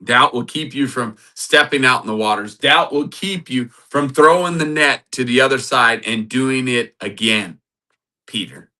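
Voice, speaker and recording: A man hosting a podcast, giving a sermon-like Bible talk, animated and laughing often. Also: medium pitch, a little slow. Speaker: podcast host.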